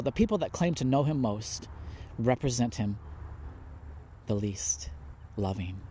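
A middle-aged man preaching a heartfelt sermon, pleading and impassioned, swinging from soft to loud and close to tears. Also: medium pitch, husky. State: near tears.

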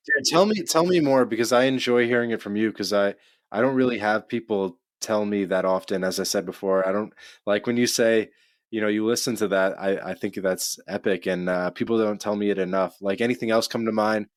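A man from Canada with a Canadian accent, guesting on a casual podcast, relaxed and easygoing. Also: lowish voice, a little fast, dry recording, studio quality. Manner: relaxed and easygoing, laughs along. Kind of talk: casual conversational interview.

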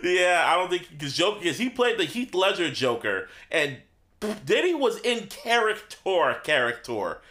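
A man co-hosting a podcast in casual chat, animated and swearing freely, voice jumping up when he gets excited and laughing often. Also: high voice, a little slow. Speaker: podcast co-host.

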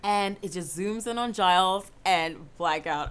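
A young woman co-hosting a casual chat, animated and swearing freely, with big exclaiming reactions. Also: fairly low pitch, a little slow. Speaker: podcast co-host.

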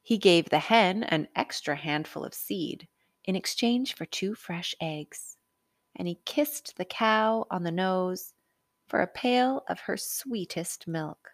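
A woman narrating a children's storybook aloud, expressive and unhurried. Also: fairly low pitch, no room sound, studio quality.

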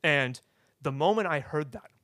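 A young man tells his personal story as an interview guest, his voice bright and a little high. He stumbles, restarts and checks in with "right?" as he goes. The recording is dry, with no room sound. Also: animated, no room sound. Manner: halting, restarts, tags "right?" often. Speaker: guest sharing testimony.

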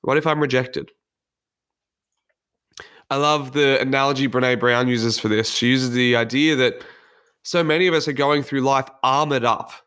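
A man's voice: medium pitch, steady tone, moderate pace, a bit bright, clean tone. A man speaking in an earnest, candid and reflective way, delivering a motivational monologue on personal development.

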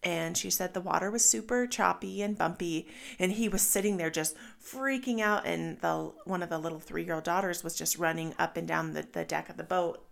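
A mother in her thirties speaks with a candid, reflective openness, her voice sitting a little low with a gravelly edge of fry. She tells her stories plainly, as if sharing with a friend. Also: normal speed. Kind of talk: personal vlog monologue.

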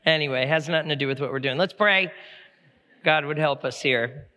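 A middle-aged male pastor with a bright, slightly high voice, talking casually to his congregation and then pressing into fervent appeals. His words ring out with a long echo through a church sanctuary. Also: moderate pace. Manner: conversational, rising to fervent exhortation. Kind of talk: sermon. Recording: long church hall reverb.

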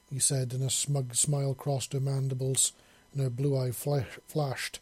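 Man, story narrator, even unhurried read, husky, dry sound. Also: medium pitch, no echo. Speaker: audiobook narrator.

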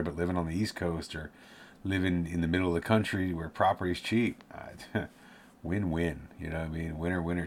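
A man's voice: sits low, slight background noise. A man giving casual career advice, rambling and correcting himself, sometimes laughing at his own tangents.

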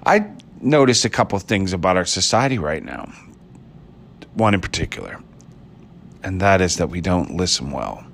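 A man's voice: sits low, big pitch swings, moderate pace, pauses often, fairly bright tone, slight background noise. A man from Ireland hosting a podcast, musing alone in a rambling, playful way with wry asides. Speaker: podcast host. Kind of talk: solo musing monologue.

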